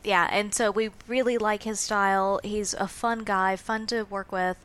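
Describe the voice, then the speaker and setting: A woman's voice: medium pitch, steady tone, normal speed, a bit bright, smooth. A woman with a mid-range voice co-hosts a podcast in an easy, chatty way. She often agrees with her partner and finishes his sentences for him. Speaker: podcast co-host. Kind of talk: casual chat.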